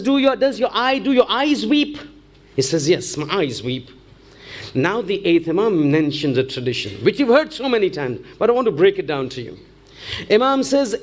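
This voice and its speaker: A man preaching a religious lecture, telling a story and driving it home with repeated rhetorical questions. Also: high-pitched. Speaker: Islamic preacher.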